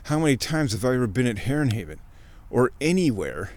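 A man hosting a casual nature chat outdoors by a creek, a chatty storyteller who jumps into high mock voices when quoting people. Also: big pitch swings, fairly quick, darkish tone, no echo. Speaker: host.

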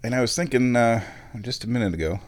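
A man's voice: medium pitch, quick pace. A man chatting casually to viewers, thinking aloud and searching for words as he rambles from topic to topic. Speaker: vlogger. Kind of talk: casual rambling chat while watching sport.

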